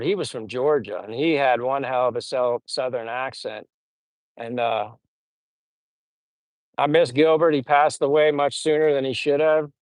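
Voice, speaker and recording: Relaxed, rambling American livestream host. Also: male voice, medium pitch, no echo. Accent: General American. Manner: relaxed, rambling, many fillers. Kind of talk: casual livestream chat, reading comments.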